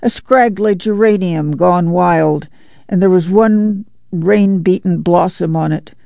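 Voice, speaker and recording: A narrator reads a novel aloud in a steady, measured way. The voice is mellow and full of gravelly fry. The recording is dry and a little muffled. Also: mid-range voice, dry recording. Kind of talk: audiobook narration.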